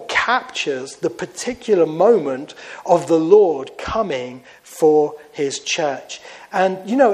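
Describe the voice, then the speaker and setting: A man preaching a sermon in a chapel, swinging from fervent raised emphasis to hushed, low tones. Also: low-quality recording.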